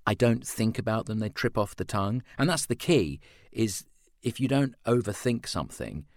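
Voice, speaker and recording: A man's voice: fairly low pitch, lively intonation, normal speed, dry recording, studio quality. A man who works as an audiobook narrator and voice actor, answering interview questions in a chatty, self-deprecating way. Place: lives in Australia.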